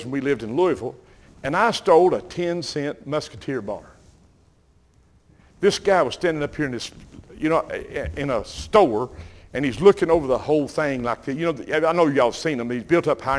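An older man with a Southern US accent, preaching and telling folksy, animated stories while calling out to the congregation. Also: fairly high pitch, moderate pace. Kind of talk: sermon storytelling.

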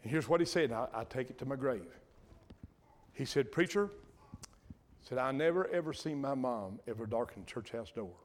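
Older preacher, folksy and earnest. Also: male voice, mid-range voice, expressive, a little fast. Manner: folksy, earnest, repeats himself and breaks off mid-sentence. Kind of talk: sermon.

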